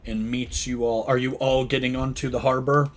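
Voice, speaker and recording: A man's voice: medium pitch, level tone, moderate pace. A man narrating a tabletop game as dungeon master, describing scenes and asking players what they do.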